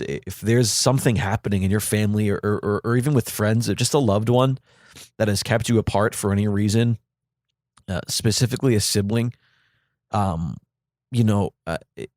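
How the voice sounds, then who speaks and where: A man talks from the heart as a podcast host, his low voice grieving and unsteady. He stumbles through fillers and restarts as he speaks. The sound is close and dry, with no room around it. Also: a little mellow, no room sound. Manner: halting, many fillers and restarts. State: grieving, voice catching. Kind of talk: heartfelt personal monologue.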